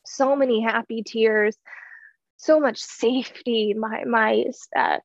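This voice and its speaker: A woman's voice: a little high, fairly even intonation, slow, vocal fry, no room sound, highs cut off. A woman in her thirties telling a heartfelt personal story in an earnest way, with many fillers and restarts. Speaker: guest sharing her story.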